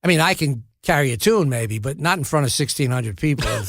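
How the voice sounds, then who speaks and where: A gravelly-voiced man in his seventies spins a wry, self-deprecating story about his early acting work. He talks at an everyday pitch, with restarts and dry humor. The sound is close and dry, with no room echo. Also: animated, fairly quick, fairly bright tone. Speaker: actor, podcast guest. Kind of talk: casual anecdotal storytelling.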